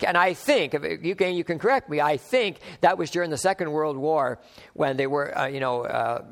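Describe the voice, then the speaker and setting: A pastor preaches to his congregation in a loose, conversational way. His voice sits a little high for a man, and he slips into little back-and-forth dialogues, chuckling now and then. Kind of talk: sermon.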